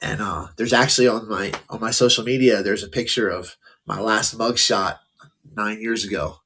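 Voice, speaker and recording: A man's voice: lowish voice, fairly even intonation, moderate pace, bright, forceful tone, a little hiss or hum. A middle-aged man telling his life story candidly as a podcast guest, casual, full of "like" and "um". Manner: casual, many fillers like "like" and "um".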